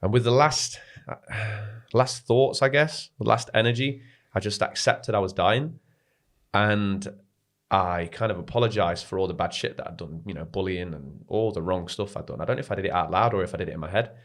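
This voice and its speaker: Fast-talking, low-voiced young man. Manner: animated, rapid storytelling with frequent "mate" and swearing. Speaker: podcast guest. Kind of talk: casual storytelling.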